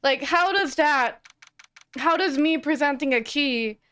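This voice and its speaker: A woman's voice: high-pitched, unhurried, fairly bright tone. A woman streamer giving casual, mildly exasperated game commentary, swearing now and then.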